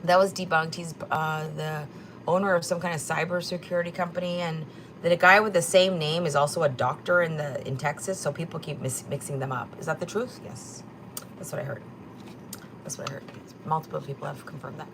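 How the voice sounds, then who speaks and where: A woman's voice: deep voice, steady tone, fairly quick, noisy background. A woman hosting a livestream, chatting casually and gossiping about clips, swearing now and then. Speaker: livestream host.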